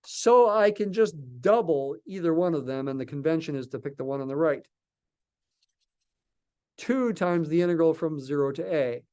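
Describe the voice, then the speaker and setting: A man with a slightly high, dark, clean-sounding voice lectures a calculus class at normal speed, his voice a little raised. He thinks aloud as he works, stopping and restarting and answering his own questions, so the lecture sounds unscripted.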